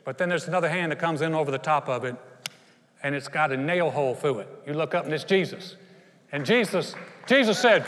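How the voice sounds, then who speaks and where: A male pastor preaching a sermon in an animated way. He acts out quotes and often laughs. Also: fairly high pitch, a little fast, in a large hall, a faint crowd, a little hiss or hum.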